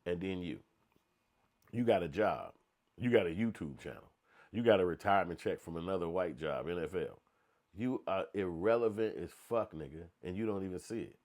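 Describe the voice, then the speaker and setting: A man's voice: low voice, moderate pace, darkish tone. A man giving a blunt, profane, slang-heavy commentary rant, stopping often to act out quotes in other voices.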